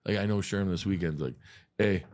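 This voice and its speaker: A man's voice: low voice, normal speed, a little mellow. A man, a hockey coach, chatting casually and telling funny stories, often breaking into laughter. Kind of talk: casual chat.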